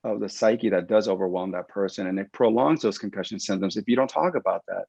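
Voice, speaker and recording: A man working as a concussion rehab clinician, giving an animated explanatory webinar talk over a video call. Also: fairly low pitch, normal speed, creaky, no echo. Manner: animated, explanatory, acts out patient quotes. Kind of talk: webinar presentation. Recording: dull lo-fi dry webinar audio.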